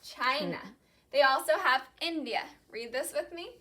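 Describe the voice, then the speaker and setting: A woman teacher leading a call-and-repeat classroom lesson, saying each vocabulary word slowly and clearly and then repeating it. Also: high voice, sharp tone. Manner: slow, clearly enunciated drilling of vocabulary.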